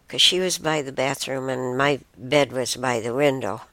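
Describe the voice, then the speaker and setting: A woman's voice: rumbling low, animated, normal speed, hardly any pauses, fairly bright tone, no echo. A woman hosting a show, casually telling a personal story in a rambling way, often restarting and correcting herself. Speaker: show host.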